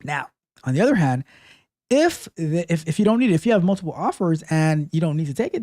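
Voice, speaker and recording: Man, show host, casual call-in advice, emphatic, repetitive, lively pitch, dry close sound. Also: fast, dry recording. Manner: animated, emphatic, repeats phrases.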